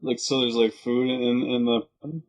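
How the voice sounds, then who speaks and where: A man playing a tabletop game, tentative and even. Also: medium pitch, unhurried. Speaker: player. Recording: dull, distant mic.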